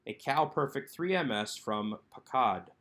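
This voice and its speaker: Man teaching slowly over slides. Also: medium pitch, expressive, a bit bright. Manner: slow, careful enunciation of Hebrew words. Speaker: Hebrew teacher. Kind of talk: recorded lesson narration over slides.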